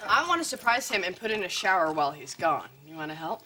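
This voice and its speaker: An actress playing a quirky, playful young wife in a sitcom. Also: female voice, fairly low pitch, big pitch swings, fast talker. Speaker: free-spirited young wife. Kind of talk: sitcom acting. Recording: studio audience laughter, noisy.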